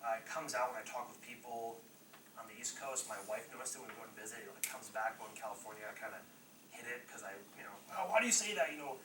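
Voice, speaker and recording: A man's voice: medium pitch, level tone, fast. Young man telling his story in an echoey church. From Massachusetts. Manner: rambling, self-correcting, apologetic. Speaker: youth speaker. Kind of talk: personal testimony in church. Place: church hall. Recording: echoey hall, distant mic, noisy.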